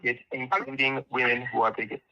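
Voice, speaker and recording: A sarcastic, combative man in a heated online debate, pressing the same question again and again. His voice is bright and forceful. The audio comes through dull and lo-fi, like a stream. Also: mid-range voice, flat delivery, fast talker.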